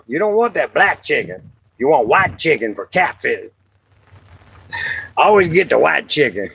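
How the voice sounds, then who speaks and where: A man hosting a casual livestream while fishing, rambling and joking, now and then jumping into high sing-song bits. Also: sing-song, moderate pace, gravelly, fairly bright tone, breathy edge, poor audio. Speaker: livestream host. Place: outdoors by the water, fishing.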